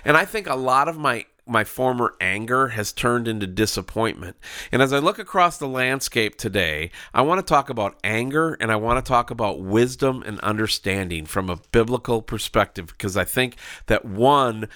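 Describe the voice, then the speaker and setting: A man's voice: medium pitch, expressive, normal speed, pushed and bright, dry recording, studio quality. A man with a Minnesotan accent co-hosting a faith podcast, a pastor who talks bluntly and laughs often. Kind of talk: casual chat.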